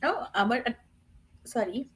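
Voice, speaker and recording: Slow-talking teasing woman on a call. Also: fairly high pitch, expressive, fairly bright tone. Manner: teasing, laughing, unhurried. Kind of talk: casual video call chat. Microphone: video call.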